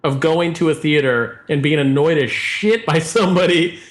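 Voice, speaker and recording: A man co-hosting a movie podcast, sarcastic and quick to laugh. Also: on the high side. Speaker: podcast co-host. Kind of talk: casual podcast chat.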